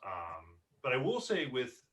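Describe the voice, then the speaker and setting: A man narrating a tabletop game as game master, halting and full of ums and repeated words. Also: medium pitch, huge pitch swings, fairly bright tone, far from the mic.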